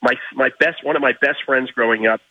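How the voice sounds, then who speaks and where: A man from Miami, a guest in an interview, telling anecdotes in an animated way and restarting his phrases. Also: mid-range voice, brisk, dry recording, lo-fi sound. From Miami, United States. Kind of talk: storytelling interview.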